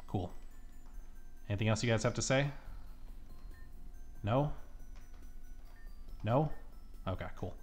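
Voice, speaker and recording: A man's voice: on the low side, takes it slowly, long pauses, faint music behind. A man casually commenting while playing a video game, reacting and laughing. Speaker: let's player.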